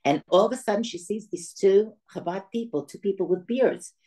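A woman's voice: mid-range voice, moderate pace, warm tone, rough recording. An older woman giving a talk to an audience, telling a family story and acting out the voices of the people in it. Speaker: guest speaker.

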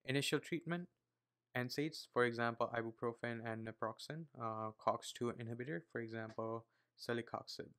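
A young man with an Indian accent reading medical study notes aloud, with many fillers and quiet muttered asides. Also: medium pitch, smooth. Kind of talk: casual read-aloud study session.

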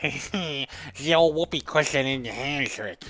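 A man's voice: medium pitch, slow pace, soft background music. A man voicing a lazy, laid-back skeleton who jokes easily. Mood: easygoing. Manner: relaxed, joking, easygoing.

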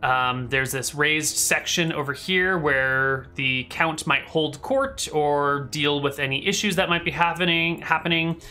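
A man's voice: a little high, a little slow, hardly any pauses, sharp tone. A man narrating a tabletop game as game master, describing scenes casually with many fillers.

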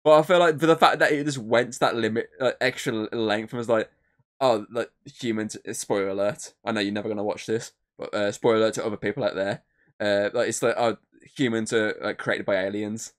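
A man's voice: fairly low pitch, fairly even intonation, quick pace, fairly bright tone. A man co-hosting a podcast, rambling through a film recap with lots of fillers and swearing. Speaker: podcast co-host. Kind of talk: casual podcast chat.

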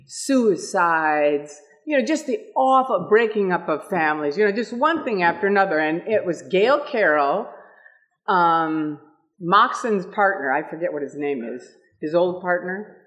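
Lively older woman telling a story. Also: lowish voice, measured pace. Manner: lively, laughs often, acts out quoted voices. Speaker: speaker at an event. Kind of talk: animated storytelling talk. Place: meeting room with audience.

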